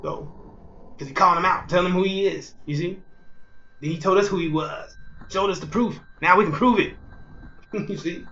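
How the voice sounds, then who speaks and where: A man preaching a fiery street sermon, repeating himself and jumping between loud outbursts and low murmurs. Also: moderate pace, pauses often, lo-fi sound, slight background noise. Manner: repetitive, rhetorical, keeps asking "you see".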